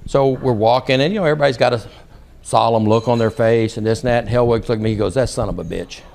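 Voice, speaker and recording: Talking very fast in a mid-range, darkish voice with fairly even intonation, an older podcast guest spins rambling, humorous anecdotes. His casual storytelling is full of laughter and quoted voices.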